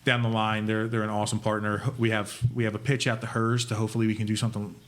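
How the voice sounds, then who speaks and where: A man, chatting as a podcast guest and telling animated stories. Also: lowish voice, fast. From Northeast Philadelphia. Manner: animated storyteller who jumps into loud character voices. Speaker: guest, food influencer. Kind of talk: casual podcast chat.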